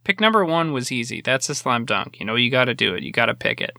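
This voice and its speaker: A man in casual podcast chat, excitable and jokey, swearing freely. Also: medium pitch, fast talker, creaky, no echo, studio quality.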